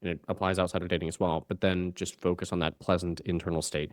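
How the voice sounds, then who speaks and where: A man's voice: low voice, level tone, quick pace, dry recording, studio quality. A man appearing as a podcast guest who coaches men in communication, explaining his points energetically and acting out the voices he quotes. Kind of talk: casual podcast conversation.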